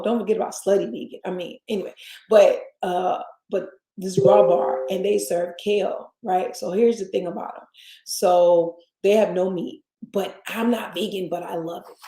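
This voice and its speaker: A woman's voice: lowish voice, dark tone. Chatty Southern woman, echoey room. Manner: chatty, addresses listeners as y'all, rambling asides. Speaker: host. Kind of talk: casual chat.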